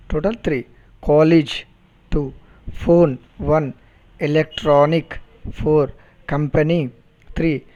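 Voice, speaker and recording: Slow, mellow-voiced Indian English teacher. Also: male voice, fairly high pitch. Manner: slow, deliberate, repeats words to model pronunciation. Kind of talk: recorded phonetics lecture. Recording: dull lo-fi recording.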